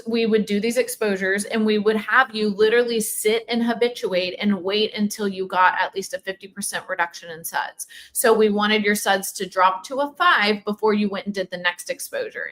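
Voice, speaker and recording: A middle-aged woman, speaking as a clinician in a casual livestream talk, animated and chatty with lots of fillers. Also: mid-range voice. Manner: animated, conversational, many fillers and quoted dialogue. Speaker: OCD clinician and program leader.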